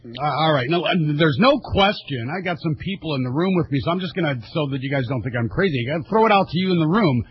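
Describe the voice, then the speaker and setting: A man's voice: on the high side, animated, fast talker, slight background noise. A man hosting a radio talk show, speaking animatedly and often stumbling over and repeating words. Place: radio studio. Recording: dry, slightly dull radio audio.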